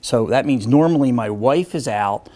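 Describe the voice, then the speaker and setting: A man giving a motivational talk, telling a humorous story with animated, self-mocking delivery and acted-out voices. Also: mid-range voice, moderate pace. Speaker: motivational speaker. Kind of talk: storytelling keynote speech.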